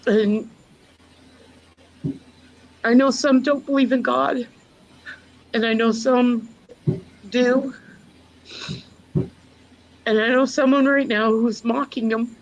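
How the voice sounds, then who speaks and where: A woman, a mother, giving a personal testimony in an earnest, storytelling way with many pauses. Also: on the high side, fairly even intonation, muffled recording. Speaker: guest mother.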